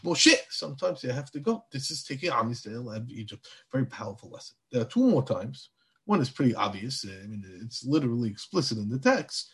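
A man giving a Torah class in a lively, animated way. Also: medium pitch, a little fast, husky. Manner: animated, acts out biblical dialogue. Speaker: Torah teacher.

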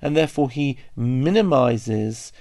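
A man giving a Bible study lesson, reading verses aloud and then translating and explaining them in a thoughtful way, with pauses and small restarts. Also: mid-range voice, expressive, creaky, warm tone. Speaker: Bible teacher.

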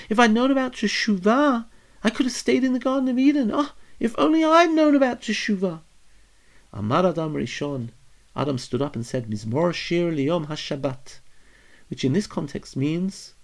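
Lively man teaching a Bible lesson. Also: fairly high pitch. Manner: explanatory, reads Hebrew phrases then translates them; lively, acts out quoted figures with a raised voice. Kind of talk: recorded Torah lesson.

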